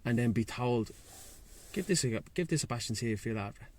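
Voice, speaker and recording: A man's voice: medium pitch, lively intonation, a little fast, a little mellow. A man with a Dublin Irish accent talks as a guest in a casual chat, frank, slangy and swearing freely, outdoors by the sea. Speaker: guest, breathwork and sea-swim facilitator.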